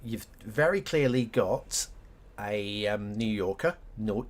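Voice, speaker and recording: A man's voice: lowish voice, slow. A middle-aged man chatting casually on a live stream, rambling and self-mocking as he laughs at his own jokes.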